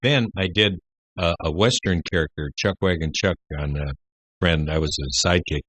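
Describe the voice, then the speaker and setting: An older man, a guest on a radio interview, telling rambling stories full of pauses. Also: deep voice, fairly bright tone, no echo. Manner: rambling anecdotes with many "uh" pauses. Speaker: guest entertainer.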